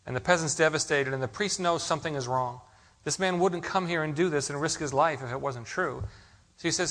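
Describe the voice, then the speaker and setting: A man's voice: fairly high pitch, a little fast, a bit bright. A man preaching a sermon, asking the congregation rhetorical questions and telling stories. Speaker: pastor.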